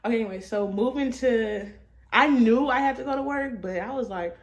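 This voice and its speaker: A woman's voice: fairly high pitch, fairly quick. A young adult woman telling a storytime vlog in a loose, profane, laughing way. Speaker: vlogger. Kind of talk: casual storytime monologue.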